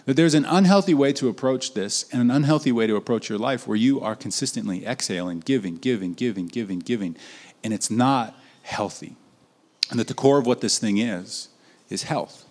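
A young adult man giving a conversational sermon as a pastor, rising to emphatic points and then dropping low and soft. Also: lively intonation, moderate pace. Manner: conversational preaching, swinging between raised emphatic lines and low trailing ones.

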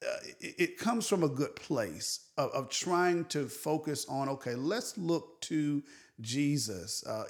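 A man of forty co-hosting a religious discussion podcast, talking earnestly and posing question after question. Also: medium pitch. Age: 40s. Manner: earnest, asks a string of questions. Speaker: podcast co-host.

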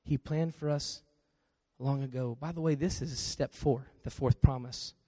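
A man preaching a sermon as pastor, swinging between quiet confession and loud storytelling. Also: mid-range voice, steady tone, unhurried, dry recording, studio quality.

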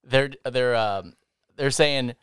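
Young male podcast co-host, smooth mid-pitched voice, playful rambler who acts out absurd bits. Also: slow pace, a bit bright, dry recording, studio quality. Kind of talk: casual chat.

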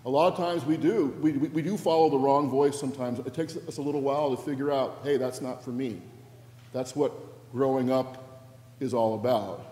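Warm-voiced middle-aged pastor in echoing church. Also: male voice, medium pitch. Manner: reflective, personal storytelling. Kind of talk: sermon. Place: church sanctuary. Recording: echoey church hall with faint ambience.

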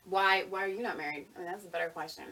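A twenty-eight-year-old woman answering questions in a comedy sketch, with a dry, deadpan delivery. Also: fairly low pitch, rapid-fire, a little hiss or hum. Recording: distant mic with faint clicks, old web video.

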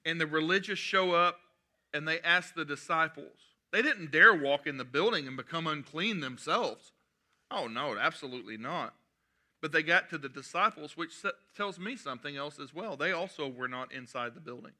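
Bright-voiced preaching man. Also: on the high side, moderate pace. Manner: animated preaching with humorous asides. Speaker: pastor. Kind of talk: sermon.

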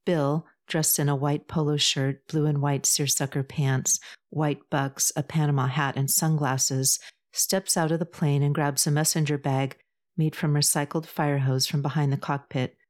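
This scripted novel reading comes from a woman narrator whose voice is strikingly low. She moves at a steady, even pace and performs the characters' lines as part of the narration.

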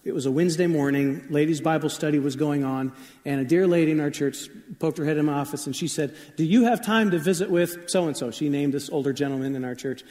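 A man's voice: on the high side, steady tone, fast, mellow, big-room sound. A man preaching a sermon as pastor, telling stories in a conversational way with frequent shifts of pace.

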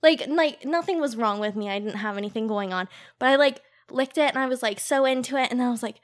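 A woman's voice: fairly high pitch, fast. A young woman guest telling funny stories in a casual, giggly podcast chat, full of "like". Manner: giggly, storytelling with lots of "like". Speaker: guest, cam model.

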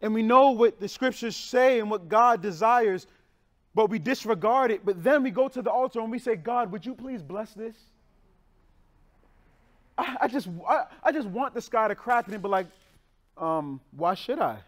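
A young male pastor with an extremely high-pitched voice preaches a sermon conversationally, using slang and swinging quickly between loud bursts and hushed lines.

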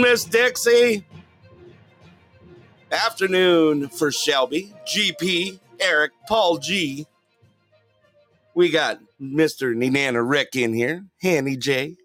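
A man's voice: on the high side, pushed and bright. A man hosting a casual online radio talk show, rambling and teasing with frequent laughter. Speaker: host.

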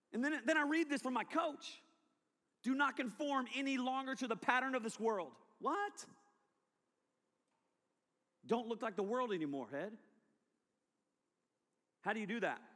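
A man preaching a testimony sermon, telling his story with animated delivery. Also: very high voice. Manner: animated storytelling, acting out past self. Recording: long hall reverb.

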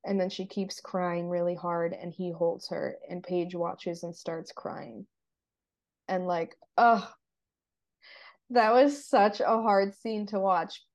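A woman co-hosting a casual TV recap podcast, her voice low and warm with a mellow tone. She walks through scenes in detail, peppering her talk with "like.". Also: steady tone, takes it slowly. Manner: retells scenes in detail, many "like" fillers. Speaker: podcast co-host.

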